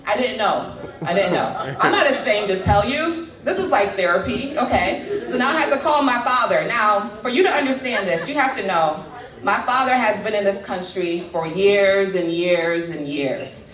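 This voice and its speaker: A woman's voice: medium pitch, expressive, normal speed, a crowd in the background. A woman in her thirties doing a stand-up set, chatting and teasing the audience. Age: 30s. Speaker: stand-up comedian. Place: comedy club stage. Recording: echoey club from far mic.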